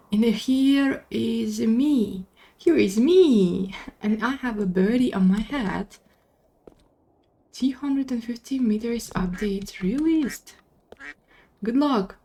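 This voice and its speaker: A young woman with a non-native English accent hosting her gaming channel, giving casual gameplay commentary and squealing excitedly when things go wrong. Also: a little high. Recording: music playing behind the voice.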